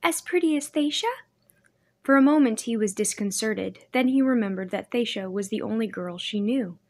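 Female narrator, mid voice, steady measured storytelling. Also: mid-range voice. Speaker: audiobook narrator. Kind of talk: scripted narration.

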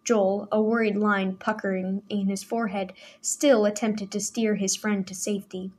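A woman reading a novel aloud in measured, scripted storytelling narration. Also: mid-range voice, little pitch movement, darkish tone. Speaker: audiobook narrator.

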